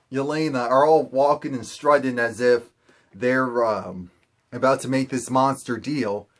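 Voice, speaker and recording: Animated young man recapping a TV episode. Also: medium pitch. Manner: animated, acts out characters in quick quoted asides. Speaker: TV recap host.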